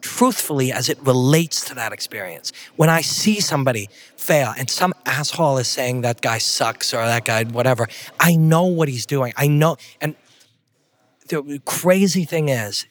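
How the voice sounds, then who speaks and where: The interview guest, a middle-aged Canadian who works as a fight commentator, recounts stories casually at a moderate pace. His voice sits on the high side and sounds animated, and he's emphatic, blunt, and salty in his wording.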